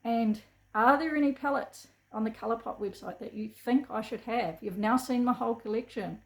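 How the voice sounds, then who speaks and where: A woman's voice: a little high, moderate pace. A middle-aged woman with a New Zealand accent, chatting to camera as a beauty vlogger, gushing and enthusiastic. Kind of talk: casual chat to camera. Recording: echoey room.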